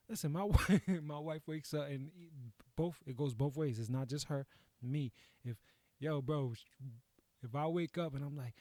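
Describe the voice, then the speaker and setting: A young man hosting a podcast, ranting in a crude, animated, slangy way and laughing at his own jokes. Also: a little high, normal speed, no room sound. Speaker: podcast host. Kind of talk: casual comedic rant.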